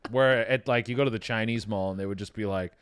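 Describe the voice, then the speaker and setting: Laid-back guy from Canada, smooth voice. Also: on the low side, fast talker, a bit bright, dry recording, studio quality. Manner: laid-back, rambling storyteller. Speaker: comedian guest. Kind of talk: casual podcast chat.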